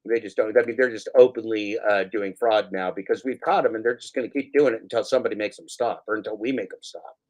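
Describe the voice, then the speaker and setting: A man hosting a casual talk show, rambling and excitable, swearing often. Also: fairly low pitch, quick pace. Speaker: show host. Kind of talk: casual chat.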